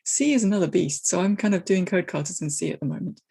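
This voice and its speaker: A woman with a slightly low, husky voice talks through her ideas in a relaxed interview. She restarts her sentences and circles back as she thinks aloud, sounding like a thoughtful coach. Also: fast talker. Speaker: guest, technical agile coach. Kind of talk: casual interview conversation.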